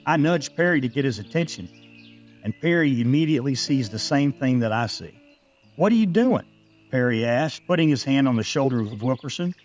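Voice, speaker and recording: A man reading a scripted first-person story in a steady, measured way. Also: medium pitch, soft background music.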